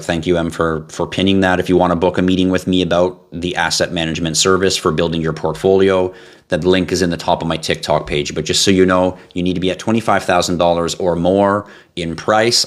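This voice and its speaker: A middle-aged man with a very low, deep voice hosts a crypto livestream. He talks casually and bluntly, answering viewer comments. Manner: blunt, ranting, swears, laughs at himself.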